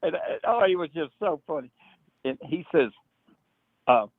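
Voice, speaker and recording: An older man telling animated stories in casual talk, doing quick high-pitched impressions of other people. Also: no echo. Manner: animated storyteller, imitates others in a high excited voice. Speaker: guest. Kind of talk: storytelling in casual chat. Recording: dry tinny phone-like line.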